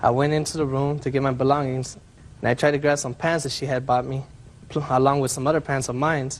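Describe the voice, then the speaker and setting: A man speaks as defendant in a courtroom, walking through what happened one step at a time. He stumbles and restarts now and then in a plain, mid-pitched voice. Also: level tone, slight background noise. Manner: step-by-step retelling, halting restarts. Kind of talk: courtroom testimony.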